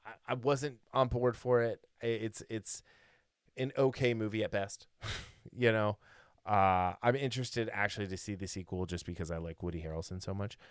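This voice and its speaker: Low-voiced, rambling podcast host man. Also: no echo, clean studio sound. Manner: rambling and opinionated, with many fillers and restarts. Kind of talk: casual podcast chat.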